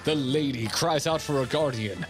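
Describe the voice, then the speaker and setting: A man voicing a grandiose, pompous gentleman inspector in a declamatory style. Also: medium pitch, moderate pace, over music, voice pushed up, close to an everyday voice.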